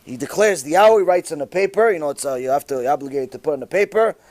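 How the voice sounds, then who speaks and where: A man, a rabbi, telling a religious story in an animated way, with sudden loud bursts. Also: on the high side, fast talker.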